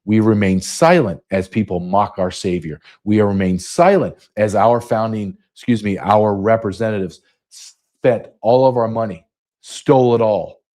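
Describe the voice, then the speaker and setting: A man's voice: fairly low pitch, unhurried, a little mellow. A man in his fifties from the United States, hosting a podcast monologue with an emphatic, repetitive way of speaking. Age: 50s. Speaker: podcast host.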